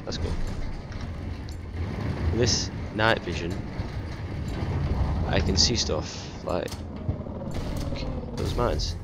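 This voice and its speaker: A young British man commenting casually on his own gameplay, excitable and quick to swear and shout at the game. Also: low voice, heavy background noise. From Britain.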